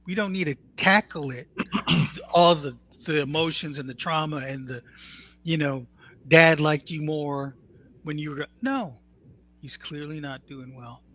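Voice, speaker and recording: A man's voice: a little high, unhurried, pushed and bright, no echo. A man telling a family story in a conversational, matter-of-fact way, acting out what others said. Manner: earnest, matter-of-fact, quotes others as he tells it.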